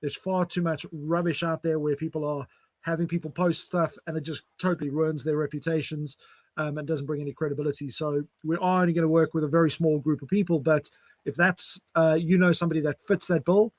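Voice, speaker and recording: A man's voice: on the high side, steady tone, fairly quick, dry recording. A man hosting a casual online chat, talking in a chatty, upbeat way over a video call. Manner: chatty, upbeat sign-offs. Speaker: host.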